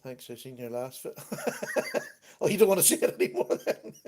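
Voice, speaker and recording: At home on his computer, a man hosts a casual livestream, chatting, laughing often and reading out viewer comments. His voice is medium-pitched and a little mellow, with big pitch swings and a measured pace.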